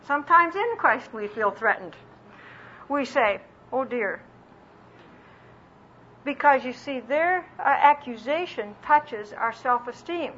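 A woman delivers a Bible lesson as a sermon, earnest in tone and slowing down to stress key phrases. She acts out small quoted voices with self-deprecating humor, her voice a little high, pushed and bright. The recording is dull and lo-fi, with faint background hiss.

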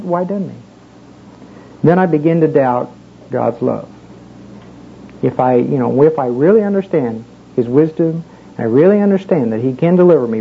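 A man with a slightly high voice and vocal fry preaches a casual sermon, telling a personal story in a folksy, conversational manner full of fillers. The recording is muffled, with a faint background hiss.

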